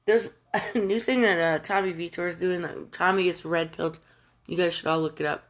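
A woman's voice: lowish voice, fairly even intonation, fairly quick. A woman from the United States delivering a casual, profane political rant, exasperated and given to emphatic outbursts.

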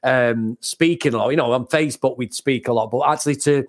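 This English podcast co-host speaks at a medium pitch and a little quickly. In a casual chat on his comics show, he's enthusiastic, laughs a lot, and tends to repeat words.

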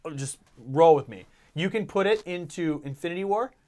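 Male co-host with a fairly high voice, quick to laugh and tease, casual podcast banter. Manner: animated, laughs often, teasing.

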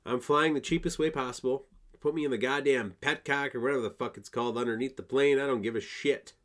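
A man's voice: medium pitch, fairly even intonation, fast talker. A young man from Wisconsin hosting a casual solo podcast, rambling and swearing a lot, laughing at his own jokes. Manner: profane, rambling, laughs often. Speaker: podcast host.

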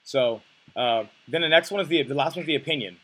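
A quick, husky man teaches a dating lesson. His voice sits a bit high for a man, and he rattles through points bluntly, swearing for emphasis. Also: fairly bright tone, low-quality recording. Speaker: dating coach. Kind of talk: coaching lesson.

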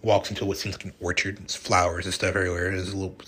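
A man hosting a podcast, rambling through a casual, animated retelling of a film. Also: sits low, very fast, breathy edge. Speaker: podcast host. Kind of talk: casual chat.

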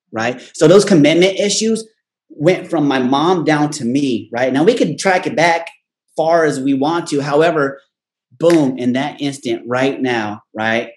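A man's voice: fairly high pitch, measured pace. Man telling stories with "right?". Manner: animated storyteller, keeps adding "right?". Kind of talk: casual storytelling chat.

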